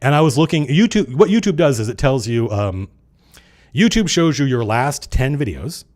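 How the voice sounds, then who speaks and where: A middle-aged man hosting a casual livestream chat, talking fast and acting out the people he quotes, with some swearing. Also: mid-range voice. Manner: animated, swearing, acts out quoted players. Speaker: streamer and game designer hosting a live chat.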